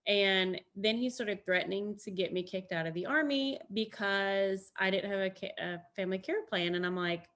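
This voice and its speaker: A woman's voice: medium pitch, normal speed, hardly any pauses, fairly bright tone. A woman Army veteran, a guest, talking in a casual, rambling way with many restarts and fillers. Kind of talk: casual conversation.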